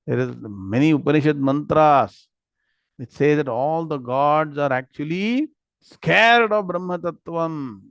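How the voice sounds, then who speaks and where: Slow, deliberate man teaching scripture. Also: a little high, animated, dry recording. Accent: Indian English. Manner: slow, deliberate word-by-word Sanskrit recitation, quizzing students. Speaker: Gita and Vedanta teacher. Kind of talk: online scripture class.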